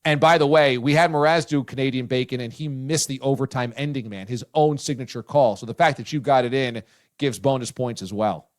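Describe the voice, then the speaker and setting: A male show host interviewing a guest, loud and excitable, sometimes shouting his praise. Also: mid-range voice, a little fast. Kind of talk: casual interview chat.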